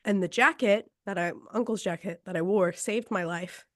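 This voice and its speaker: Lively woman telling a story, dry sound. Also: medium pitch, normal speed, no room sound. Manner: lively, quotes people in the story, laughs between lines. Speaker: podcast host. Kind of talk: casual storytelling.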